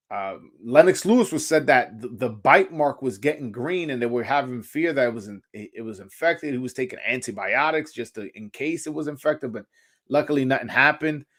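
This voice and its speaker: A man's voice: medium pitch, fairly bright tone. A man, hosting a casual boxing talk stream and rambling with lots of fillers and slang. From Brooklyn, New York. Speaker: boxing show host. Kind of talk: casual livestream chat.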